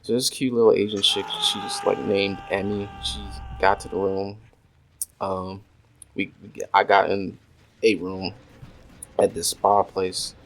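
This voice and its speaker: A man's voice: deep voice, little pitch movement, unhurried, a bit bright, rough recording. A man telling a crude story in a casual, rambling way, full of swearing and filler words, while gaming at home. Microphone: desk USB microphone. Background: faint noise and mouse clicks.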